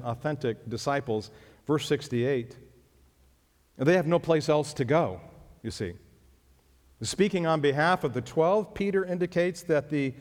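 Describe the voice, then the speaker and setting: Emphatic preacher in a reverberant hall. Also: male voice. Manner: emphatic, rises high on key phrases. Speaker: pastor. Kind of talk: sermon.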